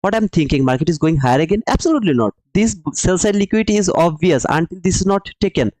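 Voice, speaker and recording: Speaking quickly in a high, animated voice with a darkish tone, a man runs a live trading stream, stressing his market explanations, repeating himself, and addressing the chat as "brother." The recording is low quality but has no echo.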